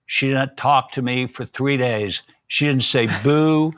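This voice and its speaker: A man's voice: mid-range voice, slow pace, fairly bright tone, clean tone, no room sound. An older man, a guest on a podcast, telling a long personal story in a folksy way and acting out what people said. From Southern United States. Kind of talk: storytelling interview.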